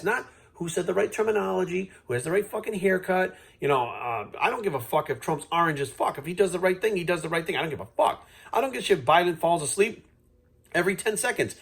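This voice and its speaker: A man's voice: fairly high pitch, gravelly, breathy edge. A man ranting straight to camera, blunt and heated, swearing freely as he lectures his viewers. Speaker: fitness coach vlogging. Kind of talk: unscripted rant to camera.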